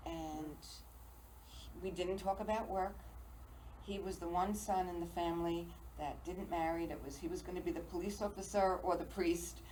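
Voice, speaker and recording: Older female talk host, very low voice, anecdotal and joking, faint background hiss. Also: steady tone, moderate pace, warm tone, rough recording. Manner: storytelling, self-deprecating humor. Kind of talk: casual interview chat. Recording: faint noise, local TV studio.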